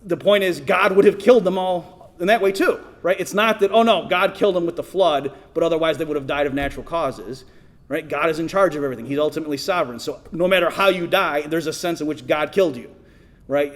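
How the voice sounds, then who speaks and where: A middle-aged man speaking at a conference, conversational, often checking in with the audience and restarting sentences. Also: fairly high pitch. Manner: conversational, asks the audience, many restarts and "right?". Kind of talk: conference talk. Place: conference hall.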